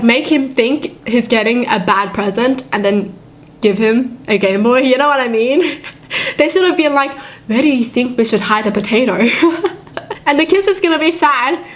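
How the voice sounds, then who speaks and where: A young woman hosting a reaction video, reading stories aloud and commenting with frequent giggles and expressive reactions. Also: fairly high pitch. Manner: giggly, expressive, often breaks into laughter. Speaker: YouTube reaction host.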